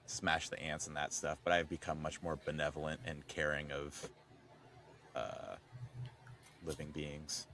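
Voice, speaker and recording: A man co-hosting a podcast, chatting casually with animated, expressive swings in his delivery. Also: extremely low pitch, measured pace, long pauses, a crowd in the background. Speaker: podcast co-host. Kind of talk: casual chat.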